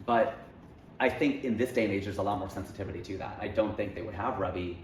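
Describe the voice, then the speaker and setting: Fast-talking animated man in a roomy space. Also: lowish voice. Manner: animated, joking, argumentative. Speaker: comedian guest. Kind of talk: casual interview chat. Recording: roomy echo, faint noise.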